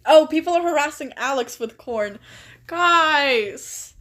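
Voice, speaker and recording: A woman's voice: high voice, animated, a little slow. A young woman streaming a game, chatting casually and reading story text aloud with frequent giggles. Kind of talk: casual live-stream chat while gaming and reading aloud.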